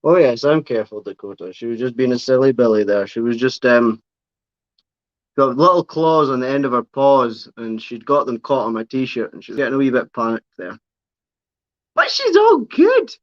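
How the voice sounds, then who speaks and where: A man chats casually on a livestream, rambling fondly about his spider and cooing at her between thoughts. His voice sits mid-pitch, recorded dry and slightly dull, like a camera mic on a tripod. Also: brisk, dry recording. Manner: chatty, fond baby talk to his spider. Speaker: livestream host showing pet reptiles and spiders. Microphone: camera on a tripod, close by.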